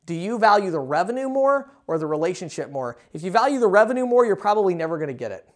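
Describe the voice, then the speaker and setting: A man's voice: high voice, big pitch swings, quick pace. Man, podcast host, casual business advice, blunt, persuasive, loose fillers. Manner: mimics listeners in quoted asides. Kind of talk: casual monologue.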